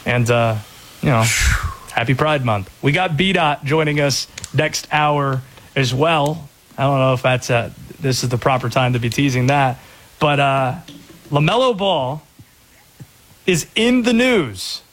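A man hosting a sports talk radio show, bantering quickly about draft picks. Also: mid-range voice, fairly bright tone.

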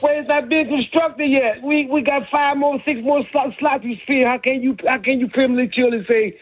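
A man calls in to a sports radio show and argues with the host. His voice is high and husky. It comes through a thin, tinny phone line. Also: fairly even intonation, moderate pace. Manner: argumentative, challenging. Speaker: caller.

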